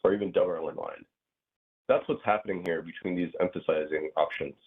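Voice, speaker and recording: Low husky guy teaching grammar online, rambly, lots of ums, sounds like a phone line. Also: fairly quick. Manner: rambling, filler-heavy, acts out little scenes. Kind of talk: casual online class explanation. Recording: tinny phone-like audio.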